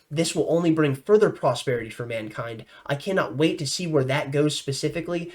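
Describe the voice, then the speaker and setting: A young man giving casual, enthusiastic vlog commentary and talking straight to his viewers in an animated, effusive way. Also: on the high side. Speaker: news commentary vlogger.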